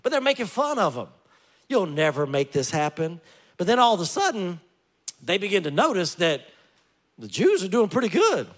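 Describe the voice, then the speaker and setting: Guy preaching, fairly high voice, jokey little asides while he tells the story. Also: breathy edge. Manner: lively storytelling with joking asides. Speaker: pastor. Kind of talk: sermon.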